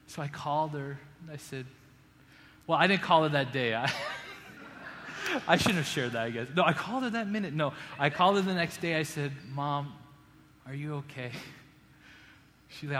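A male pastor preaching in a church sanctuary, his slightly raised pitch carrying a long hall reverb. He talks earnestly, climbing to emphatic peaks and sinking to near-hushed appeals, over a faint room ambience. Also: very animated, normal speed, slight background noise. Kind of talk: sermon.

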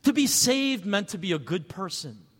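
A man preaching a sermon as pastor, conversational and animated, asking rhetorical questions. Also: high voice, normal speed, husky, long reverb tail.

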